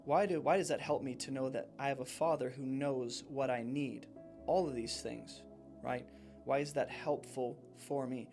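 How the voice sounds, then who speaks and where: A man's voice: mid-range voice, steady tone, normal speed, a little mellow, faint music behind. A young man teaching a Bible study, thinking aloud through a string of questions about a passage. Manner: reflective, asking many questions.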